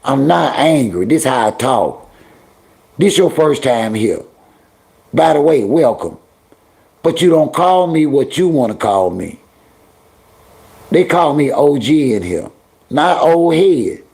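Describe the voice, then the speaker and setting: A man's voice: mid-range voice, very animated, takes it slowly, creaky, long pauses, a little mellow, slightly rough. A middle-aged man hosting a casual livestream, talking straight to his viewers and chat in heavy slang and scolding them. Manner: heavy slang, drawling repetitions. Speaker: livestream host.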